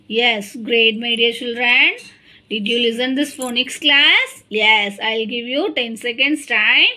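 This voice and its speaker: Slow, bright-voiced woman teaching phonics. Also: on the high side. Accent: Indian English. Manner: slow, repeats each word twice, addresses children warmly as "my dear children". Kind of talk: phonics lesson for children.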